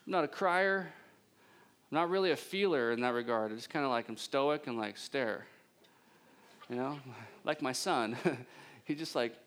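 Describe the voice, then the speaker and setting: Here a male pastor delivers a sermon that feels like conversation, with moments of self-mockery and jokes. As his energy builds, he gets louder and his pitch rises.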